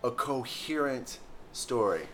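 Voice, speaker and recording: A young man co-hosting a podcast, trading teasing, deadpan sarcastic jabs. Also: mid-range voice, slow pace, a little hiss or hum. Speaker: podcast co-host. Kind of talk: casual podcast banter.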